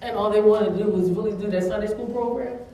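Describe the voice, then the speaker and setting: A woman's voice: medium pitch, fairly even intonation, fast, dark tone. A woman giving an earnest, emotional speech at a summit, with laughing asides, recorded in a large conference room. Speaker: keynote speaker. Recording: echoey hall, mic from far off.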